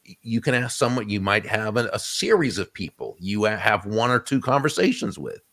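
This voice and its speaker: A man with a very low voice talks as an interview guest. He gives thoughtful, practical advice in an easy conversational way, often restarting his phrases as he thinks aloud. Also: lively intonation, fairly quick, fairly bright tone. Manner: reflective, advice-giving, frequent restarts. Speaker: guest author.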